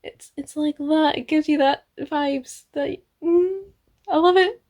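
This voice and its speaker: A young woman with a high voice talks through her reading in a casual vlog. She gushes and chats, full of "like" and small giggles. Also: slow pace, darkish tone. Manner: gushing, chatty, many fillers and giggles. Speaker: book vlogger.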